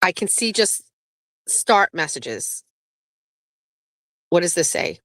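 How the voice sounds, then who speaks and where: A woman's voice: on the low side, big pitch swings, takes it slowly, fairly bright tone, no room sound. A woman hosting a casual live stream, chatting loosely, swearing freely and reading viewer messages aloud. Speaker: livestream host.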